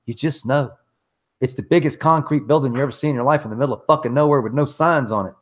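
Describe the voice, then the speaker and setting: A man's voice: medium pitch, fast talker. Profane, emphatic middle-aged male podcast host. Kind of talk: casual livestream rant.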